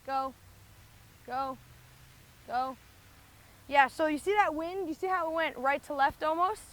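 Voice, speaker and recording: Her voice is very high and fairly bright, and she talks briskly. She's a golf vlogger out on a windy course, breathless as she chats through her shots and thinks aloud, peppering it with "like" and starting over often.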